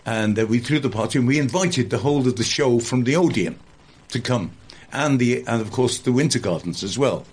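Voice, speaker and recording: An older man with a husky, slightly breathy voice recalls his years as a stage impressionist. He tells his stories in a rambling, anecdotal way, restarting sentences as he goes, at an ordinary middle pitch. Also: brisk, few pauses, a little mellow. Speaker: guest entertainer and impressionist. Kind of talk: reminiscing in a conversational interview.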